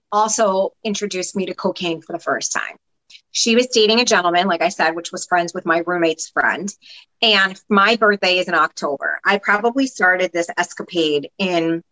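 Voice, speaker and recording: Woman guest, mid-range pitch, bright and forceful tone; casual, animated storyteller who swears freely. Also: low-quality recording. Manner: animated, acts out voices of others, swears casually. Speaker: podcast guest. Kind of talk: candid personal storytelling.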